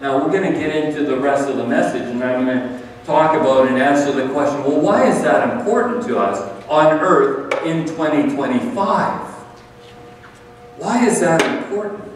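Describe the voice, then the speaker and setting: Pastor, male, slightly high voice, unhurried earnest sermon delivery, booming hall reverb. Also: over music. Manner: earnest, conversational preaching with emphatic repetition. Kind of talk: communion sermon. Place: church sanctuary. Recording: echoey hall, far from the mic.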